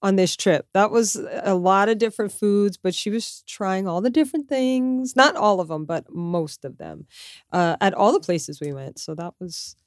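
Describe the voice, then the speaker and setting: A woman chatting casually about a trip, telling stories in a lively, animated way. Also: medium pitch, normal speed, no echo, studio quality. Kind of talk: casual travel chat.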